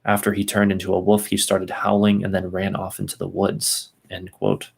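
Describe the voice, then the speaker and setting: A man's voice: low-pitched, completely flat delivery, normal speed, creaky, slightly rough. A man reading a text aloud at an easy pace, stopping for asides and second tries at hard names. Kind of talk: casual reading and commentary.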